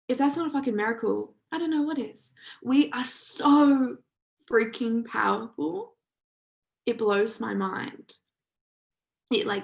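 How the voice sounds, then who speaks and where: A woman's voice: on the high side, measured pace, creaky, a bit bright, rough recording. A woman hosting a live online session, telling stories in an emphatic, casual way with some swearing. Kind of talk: motivational storytelling talk.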